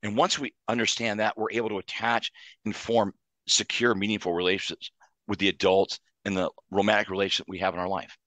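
Earnest therapist type, deep-ish voice, dry studio sound, walks through ideas in lists. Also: male voice, level tone, fairly quick, fairly bright tone, no echo. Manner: earnest, explains in numbered lists. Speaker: psychologist and author. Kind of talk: interview answers.

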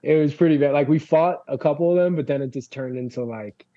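A man's voice: a little high, fast talker, dark tone, dry recording, dull audio. A young man from Long Island with a local accent, a band frontman telling stories in a casual interview, rambling and swearing freely, with lots of fillers. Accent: Long Island New York.

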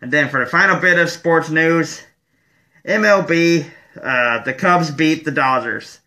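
A man from Michigan hosts his own show in an angry, profane rant. His voice is forceful and bright, a little higher than most men's. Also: measured pace. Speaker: show host. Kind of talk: ranting vlog monologue.

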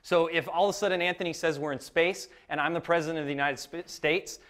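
A young man with a slightly high voice explains how he approaches his creative work. He rambles a little and fills gaps with um and uh. The delivery is casual and conversational. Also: steady tone, quick pace, fairly bright tone. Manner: loose and rambling, frequent ums. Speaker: creative professional.

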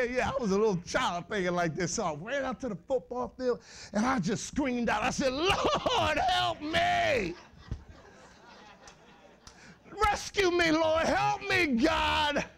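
Male preacher, high voice, animated church sermon. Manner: animated, shouting bursts, laughing asides, slangy. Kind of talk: lively sermon to youth.

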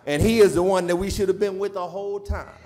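A man with a Southern US accent preaching a sermon, moving from quiet storytelling to shouted, sung preaching. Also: high voice, fast talker. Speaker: pastor. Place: church sanctuary. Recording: live church stream with organ and congregation.

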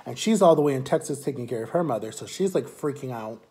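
A young man telling a personal story to camera in a casual, animated way, acting out the people he quotes. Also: medium pitch, fast talker. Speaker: vlogger.

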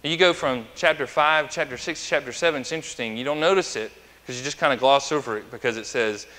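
A man's voice: medium pitch, fast talker, bright, forceful tone. A male pastor preaching a conversational sermon, chatty and anecdotal, who asks the congregation questions. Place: church sanctuary. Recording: long church reverb.

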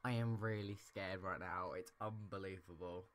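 Jumpy gamer, lowish voice. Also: male voice, steady tone, normal speed, a bit bright, a little hiss or hum. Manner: jumpy, keeps repeating he is scared, voice jumps high when startled. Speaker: gaming channel host. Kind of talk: horror game commentary. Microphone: desk microphone.

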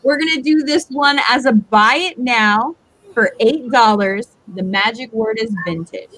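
High-voiced woman selling jewelry live. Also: a bit bright, low-quality recording. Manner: chatty, describes pieces slowly. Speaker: live auction seller. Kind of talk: casual live-stream selling.

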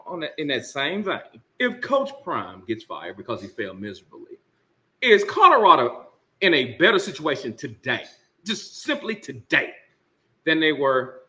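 A man's voice: on the high side, bright, forceful tone. A man hosting a casual sports talk rant, emphatic and sarcastic with laughing asides. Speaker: sports commentary host.

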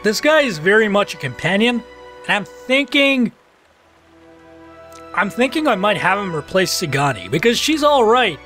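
A man narrating his playthrough in casual, excitable commentary. He swears freely and talks straight to the game. His voice is high and very animated, with faint game music behind him. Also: moderate pace, long pauses. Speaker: let's play commentator.

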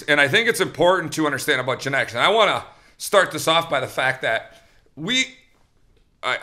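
A man with a bright, forceful voice tells a rambling story as a podcast host. He talks casually, with restarts and lively acted quotes, at a middle pitch.

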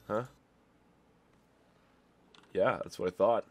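A young man with a stuffy nose giving excitable commentary over his own gameplay, trash-talking opponents. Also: fairly low pitch, slow, a little hiss or hum. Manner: excitable, swings to loud yelps and trash talk. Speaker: gaming YouTuber. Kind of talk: game commentary.

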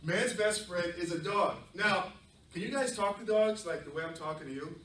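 A middle-aged man from southern New England, a storyteller telling a lively, playful story to children. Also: high voice, moderate pace, a little hiss or hum. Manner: animated, playful, many fillers. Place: library event room. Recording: echoey room from far off.

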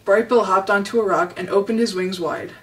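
A woman reads a children's chapter book aloud in a steady, gentle storytelling voice. She sits a little back from the microphone, so the sound has some distance. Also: medium pitch, fairly quick, a little hiss or hum. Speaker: storybook reader. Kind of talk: reading a children's novel aloud.

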